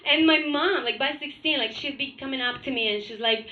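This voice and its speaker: A woman's voice: sits high, brisk, roomy sound, lo-fi sound. A woman from Russia with a Russian accent doing a crude, blunt stand-up comedy set on a club stage. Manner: blunt, crude, deadpan with frequent laughs.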